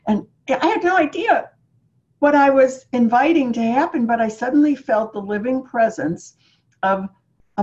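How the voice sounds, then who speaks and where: A woman's voice: high-pitched, darkish tone. A woman interviewer in a reflective spiritual conversation, telling her story earnestly and asking searching questions. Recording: slightly muffled lo-fi recording.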